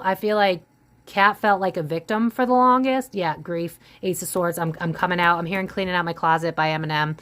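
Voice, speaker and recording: A woman's voice: lowish voice, fairly even intonation, brisk, fairly bright tone. A woman doing a casual psychic tarot reading, musing aloud and voicing what she senses, with frequent restarts and trailing phrases. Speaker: tarot reader.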